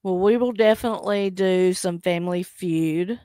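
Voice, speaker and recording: A woman's voice: on the low side, moderate pace, warm tone, smooth, dry recording, studio quality. A woman hosting a casual live stream, chatting with viewers, teasing them and laughing often as she reads the chat aloud. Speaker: livestream host.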